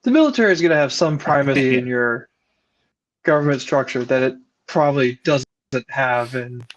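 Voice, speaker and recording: A man's voice: medium pitch, brisk. A man in a casual book club discussion, musing and wry, talking over a video call. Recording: slightly muffled lo-fi audio.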